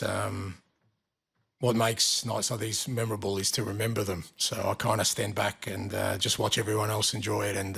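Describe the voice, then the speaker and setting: A man, a football manager, giving calm, reflective press conference answers with many pauses and ums. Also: on the low side, gravelly, husky.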